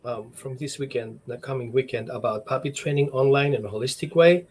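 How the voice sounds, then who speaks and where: A man who trains dogs chiming in on a casual interview, speaking quickly and restarting his phrases. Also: mid-range voice, a little mellow, slight background noise. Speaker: dog trainer.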